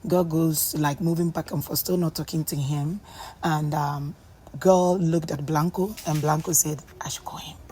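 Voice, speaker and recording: A woman's voice: low-pitched, steady tone, measured pace, dark tone, a little hiss or hum, poor audio. A woman casually recapping a reality show, chatty and full of ums and pidgin asides.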